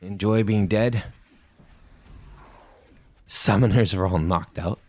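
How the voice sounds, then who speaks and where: A man's voice: fairly low pitch, takes it slowly, a little mellow. A man giving playful gameplay commentary, talking to himself and cracking corny jokes as he plays. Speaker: gaming YouTuber.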